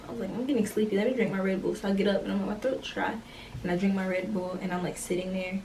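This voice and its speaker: A young woman vlogger telling a storytime tale casually, acting out the dialogue with slangy, animated delivery. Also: mid-range voice, racing, distant mic, a little hiss or hum, low-quality recording.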